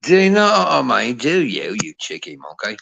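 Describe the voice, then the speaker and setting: A man's voice: mid-range voice, huge pitch swings, moderate pace, creaky, bright, forceful tone, highs cut off, slight background noise. A middle-aged man ranting about boxing in a cantankerous, foul-mouthed, mocking way. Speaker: boxing commentator. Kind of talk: profane ranting commentary.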